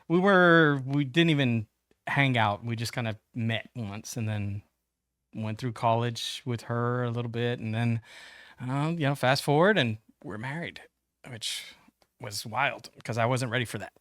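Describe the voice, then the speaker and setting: A man's voice: mid-range voice, fairly bright tone, smooth, no echo, studio quality. A man, casually telling a long story as a podcast guest, full of fillers, restarts and swearing. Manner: rambling, many fillers and restarts, swearing, acts out quoted voices.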